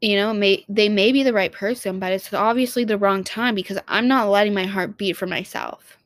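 A woman's voice: mid-range voice, normal speed, no room sound. A young woman vlogging in a casual, heartfelt monologue, rambling and restarting her sentences and swearing casually.

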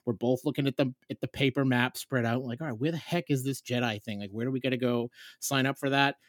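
A man as a podcast guest in casual chat, telling a story with animated energy and acting out the dialogue he quotes. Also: mid-range voice, fast, no echo, clean studio sound.

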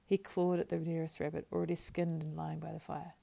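A woman narrating a storybook aloud in a steady, measured reading with small slips. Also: low-pitched, creaky. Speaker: audiobook narrator.

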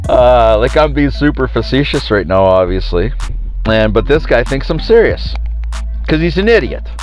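A man's voice: mid-range voice, very animated, normal speed, faint music behind. A man hosting a podcast. He tells a story in a casual, sarcastic, mocking way and laughs at his own jokes. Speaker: podcast host.

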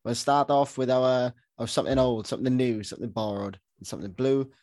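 A man co-hosting a casual podcast, steering the talk in a brisk, matter-of-fact way. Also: medium pitch, steady tone, a little mellow. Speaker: podcast co-host. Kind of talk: casual chat.

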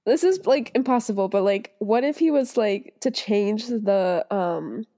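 A woman's voice: mid-range voice, animated, a little slow, mellow. A young woman co-hosting a casual fan podcast, gushing and squealing and laughing often. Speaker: podcast co-host.

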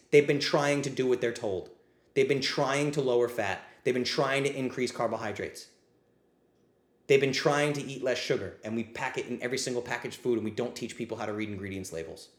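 A podcast host fielding live questions on his ask-me-anything stream launches into a blunt, profanity-laced, impassioned rant. His medium-pitched voice sounds reverberant, and he's clearly worked up, admitting he is getting heated.

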